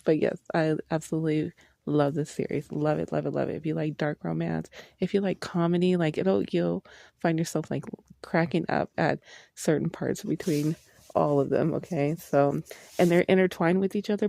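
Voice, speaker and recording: A woman giving a casual book review vlog, excitable and gushing, swearing freely as she talks. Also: deep voice, normal speed, creaky, no echo, studio quality.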